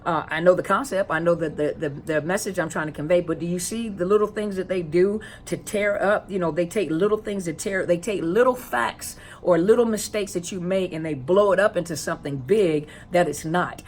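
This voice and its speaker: A woman with a lowish voice talks casually to her viewers as a counselor, explaining her topic in a loose, conversational way. She keeps asking rhetorical questions, repeats phrases, and stalls on fillers while she hunts for a word. A faint hum of noise sits under the voice. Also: a little fast, few pauses. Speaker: counselor and coach on narcissistic abuse. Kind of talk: casual educational talk to viewers.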